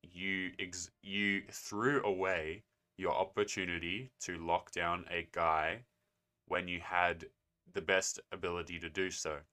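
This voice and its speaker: A man's voice: low voice, flat delivery, takes it slowly, pushed and bright. A young man hosting a response video, talking in a sarcastic, lecturing way. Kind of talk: casual commentary.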